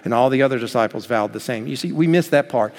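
A man preaching a sermon as pastor, swinging between loud emphatic lines and hushed, slow passages, and acting out quoted voices. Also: medium pitch, long reverb tail. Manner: acts out quoted voices in the story.

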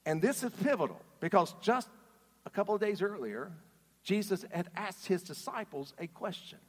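A man preaching a sermon in an animated, emphatic way, putting questions to his audience. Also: high-pitched, normal speed. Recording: reverberant hall.

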